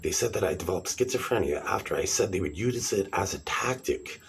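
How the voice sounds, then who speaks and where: Man, 40s, very low voice, rambling agitated vlog rant, noisy clicky recording. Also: expressive, brisk, creaky. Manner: agitated, repetitive, restarting sentences. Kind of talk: rambling direct-to-camera monologue.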